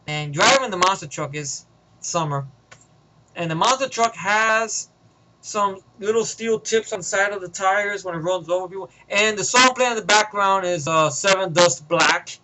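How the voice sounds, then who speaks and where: एक आदमी अपनी फ़िल्म की कहानी बिखरे, बेलौस, गालियों भरे अंदाज़ में सुनाता है, बीच-बीच में "उह", "लाइक" जैसे भराव शब्दों के साथ।. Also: male voice, sits high, normal speed, bright, forceful tone, poor audio. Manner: rambling, profane, filler-heavy. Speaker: vlogger. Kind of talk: casual retelling of a movie idea.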